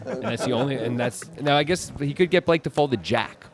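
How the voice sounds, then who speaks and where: A man commentating on a live poker game, reacting with excitable, animated surprise. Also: medium pitch, a little fast.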